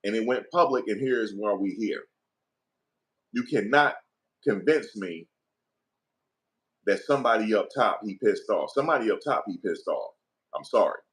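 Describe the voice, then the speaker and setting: A man's voice: on the low side, expressive, normal speed, long pauses, a bit bright. A middle-aged man, giving heated opinion commentary in an emphatic, profane, repetitive rant.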